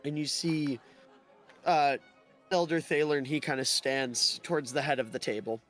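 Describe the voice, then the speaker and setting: A man running a tabletop game, narrating in a loose, casual way with a slightly raised voice. Soft background music plays throughout. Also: fairly high pitch, steady tone, normal speed. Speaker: game master.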